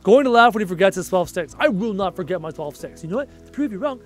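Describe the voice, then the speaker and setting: A man's voice: high voice, animated, fast, hardly any pauses, faint music behind. A young Canadian man with a Canadian accent, chatting casually on a gaming livestream, thinking aloud and answering viewer comments. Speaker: livestream gamer.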